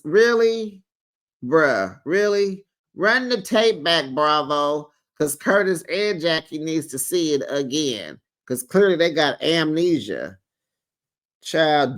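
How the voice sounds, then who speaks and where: A man hosting a casual reality TV recap, talking in a sassy, playful gossip style full of slang asides. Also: a little high.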